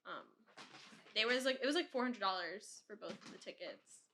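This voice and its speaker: A young woman in her twenties talks loosely as a podcast host, circling her point with plenty of "like". Her voice is bright and forward, set at an ordinary middle pitch for a woman. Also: expressive, moderate pace, slight background noise. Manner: rambling, heavy use of "like", laughs often. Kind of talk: casual chat.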